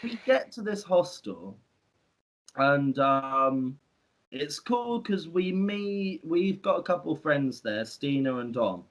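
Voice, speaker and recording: A man's voice: a little high, big pitch swings, slow. A man co-hosting a podcast, telling stories about farm work in a chatty, rambling way with many restarts. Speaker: podcast co-host. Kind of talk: casual storytelling.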